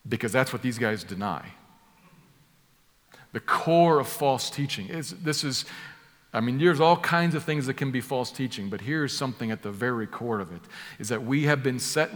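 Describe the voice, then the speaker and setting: A man's voice: mid-range voice, moderate pace. A man preaching an expository sermon, explaining a passage in an emphatic way and repeating key words for stress. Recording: long hall reverb.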